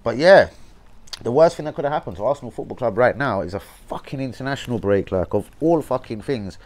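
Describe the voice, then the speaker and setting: A man's voice: medium pitch, lively intonation, brisk, darkish tone. A young man with a London accent, hosting a fan channel livestream as a blunt, sweary rant full of slang. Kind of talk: casual football rant livestream.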